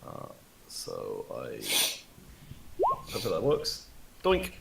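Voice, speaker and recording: Playful low-voiced man, roomy mic. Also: very animated, a little slow. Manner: playful, jokey, with sound effects. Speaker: player. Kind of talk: playing a tabletop game over voice chat. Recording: roomy mic with faint noise.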